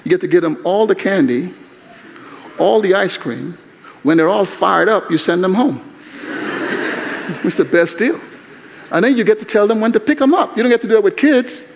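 Older guy preaching, high voice swinging all over, lots of hall echo. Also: moderate pace, creaky, long pauses. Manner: animated, conversational preaching. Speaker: guest preacher. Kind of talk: sermon. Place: large university chapel. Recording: long chapel reverb.

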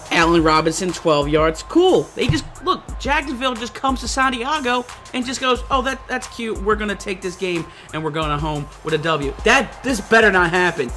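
A young man giving excited, animated commentary over his own football video game, shouting and laughing at the big plays. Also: sits high. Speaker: gaming YouTuber.

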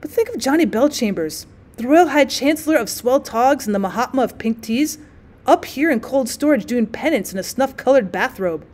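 A woman reading the part of a breezy, slangy young society gentleman in a storybook. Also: high voice, lively intonation, moderate pace. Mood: bemused. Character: bemused young male society traveler.

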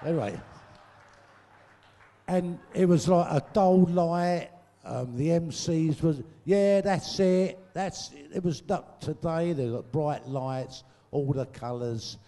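A man's voice: on the high side, slow pace, dark tone. An older man telling crude, sweary comic anecdotes to a live audience on a stage microphone, laughing at his own jokes. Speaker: guest storyteller. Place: large venue, live audience show. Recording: echoey hall.

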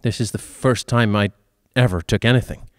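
A man's voice: on the low side, normal speed, no room sound, clean studio sound, natural voice. Nervous young clerk, blustering and flustered, voiced by a man.

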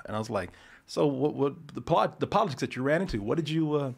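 A man's voice: mid-range voice, quick pace, gravelly, husky. A man on a casual talk show, telling a story with lots of restarts and acting out both sides of the exchange. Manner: animated, acts out both sides of the conversation, frequent swearing and restarts. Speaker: podcast host telling a story.

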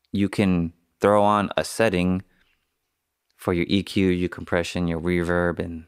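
A slightly sick man with a deep, smooth voice talks through his work in a thoughtful, casual monologue, coughing now and then. He takes his time and pauses to find words. The sound is close and dry. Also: no room sound. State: a little sick, occasional cough. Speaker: podcast host and mixing engineer.

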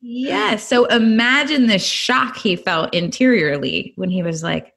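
A middle-aged California woman, interviewed as a podcast guest, describes her personal testimony with earnest animation. She speaks in an unhurried way, her voice a little high.

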